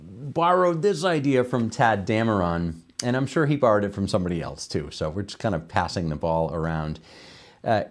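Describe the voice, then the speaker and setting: A man explaining a piano arrangement in a tutorial, enthusiastic and relaxed, musing aloud between examples. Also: on the low side. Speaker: piano teacher. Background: piano playing.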